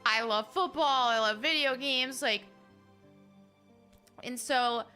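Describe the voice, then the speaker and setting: Female game streamer, high bright voice, giggly and chatty, reads chat aloud. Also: takes it slowly, clear, resonant tone, faint music behind. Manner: chatty and giggly, with frequent fillers and restarts. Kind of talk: casual live-stream chat, reading viewer messages.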